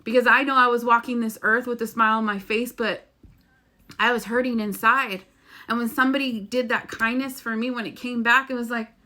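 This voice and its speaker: Woman, spiritual vlogger, bright tone, earnest and emotional, casual rambling talk. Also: on the high side, steady tone, moderate pace, pauses often. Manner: earnest, emotional, rambling, swears now and then. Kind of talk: heartfelt casual monologue.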